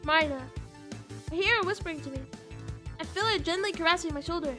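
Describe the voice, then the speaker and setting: A woman's voice: very high voice, fast talker, faint music behind. A woman reading first-person narration as a dazed, overwhelmed teenage girl. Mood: numb.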